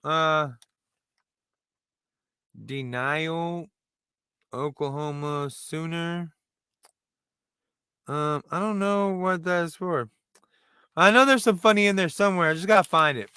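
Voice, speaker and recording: A middle-aged man rambles through a casual stand-up monologue, poking fun at himself. His voice sits high and bright, smooth and crisp. The sound is dry and close, with no room around it. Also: takes it slowly, long pauses, dry recording. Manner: rambling, self-deprecating, restarts a lot. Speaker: stand-up comedian and host. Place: room in front of a brick wall.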